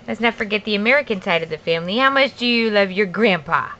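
A mother at home, filmed on a handheld camera, coaxing her toddler in high, sing-song baby talk with long pauses. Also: lively intonation, sharp tone.

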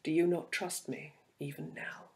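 Ancient hungry creature, read by a man, scornful and coaxing, slightly high pitch. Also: little pitch movement, moderate pace, gravelly, darkish tone. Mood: enticing. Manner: taunting, enticing. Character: ancient cruel inhuman creature, mocking and hungry.

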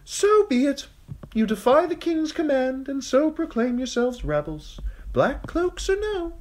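A man voicing a cold, bored knight commander with a high, thin voice and languid, haughty manner. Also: very animated, a little slow, a little mellow, exaggerated voice.

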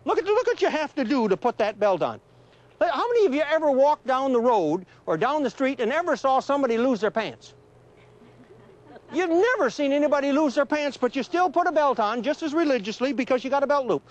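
A man's voice: very high voice, sing-song, fast. A middle-aged man, a retired police trooper, telling true stories to students in a folksy, conversational lecture. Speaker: retired police trooper giving a safety talk. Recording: dull lo-fi early 1980s film audio.

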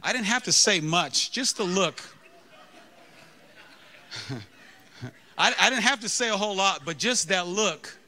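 A male pastor in his thirties preaching through a funny personal story. His voice is bright and sits a little high, and he tells the story with animated, self-mocking humor. It feels like storytelling from a church pulpit. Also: measured pace, pauses often. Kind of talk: storytelling sermon.

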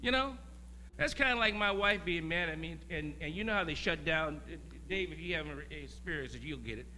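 A man preaching as a guest pastor, talking in a conversational way, laughing and swinging from quiet asides to loud emphasis. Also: on the high side, expressive, a little fast, slight background noise. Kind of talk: sermon.

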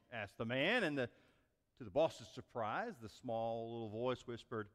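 A man's voice: medium pitch, measured pace. Pastor guy preaching, voice bounces all over, folksy, long church echo. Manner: folksy, animated storytelling with many restarts. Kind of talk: sermon with a joke story. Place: church sanctuary. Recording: long reverb of a church sanctuary.

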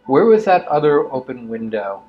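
A man's voice: medium pitch, sing-song, normal speed, soft background music. A man teasing and joking as he plays through a game, reading its text aloud. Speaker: co-player in a let's play. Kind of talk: casual gameplay chat. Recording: dull lo-fi audio.

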